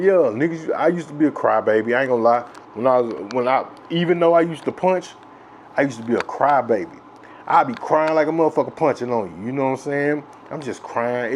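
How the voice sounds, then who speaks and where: A man from Texas telling a childhood story in a rambling, profane, filler-heavy way that grows loud and excited with laughs. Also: fairly high pitch, slight background noise. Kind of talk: casual storytelling.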